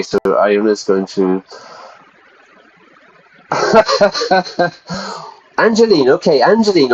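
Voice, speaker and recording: A man's voice: medium pitch, darkish tone. Chatty male English teacher, lo-fi. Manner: chatty, talks to viewers in chat. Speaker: English teacher streaming a game. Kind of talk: casual livestream lesson. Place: at home.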